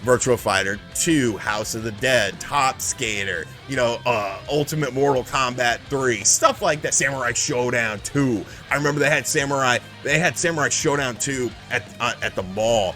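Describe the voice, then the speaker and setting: A man casually telling a profane, animated story about retro video games, acting out the people in it. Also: medium pitch, moderate pace, hardly any pauses, soft background music. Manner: profane, animated, acts out the people in his stories. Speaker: channel host.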